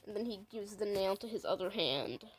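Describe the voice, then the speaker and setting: A woman's voice: mid-range voice, lively intonation, brisk, a little hiss or hum, rough recording. A woman casually talks through her own animation scene by scene, rambling and stringing events together with "and then". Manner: rambling, chains "and then he's like". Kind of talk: casual commentary over a video.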